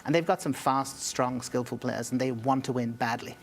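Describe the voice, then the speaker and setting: A male journalist guest in a studio interview, explaining his reasoning at an even, unhurried pace. He talks in a measured, analytical way, building each point step by step. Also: mid-range voice, crowd noise.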